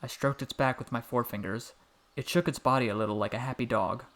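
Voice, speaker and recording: A young adult man narrating a scripted story in a calm, measured, softly spoken way. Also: mid-range voice.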